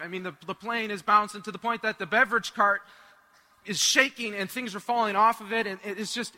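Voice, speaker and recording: A young man giving a humorous, animated storytelling talk to a live audience at a church rally, acting out the voices of the people in it. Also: sits high, big-room sound. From United States. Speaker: speaker at a Catholic renewal rally.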